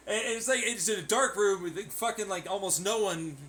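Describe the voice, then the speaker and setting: A man's voice: high voice, fairly quick, hardly any pauses, a bit bright. A man delivering a profane, sarcastic vlog rant, mocking the people he talks about in imitation voices. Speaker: vlogger. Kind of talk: ranting vlog commentary.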